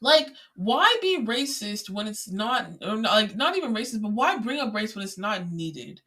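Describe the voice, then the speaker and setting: A young adult host talks alone into a podcast mic in a loose, rambling way, piling up fillers and restarts. The tone turns exasperated and incredulous when ranting. The voice sits bright and forward at a middling pitch. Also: sing-song, normal speed. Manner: chatty, rambling, many filler words. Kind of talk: casual solo podcast monologue.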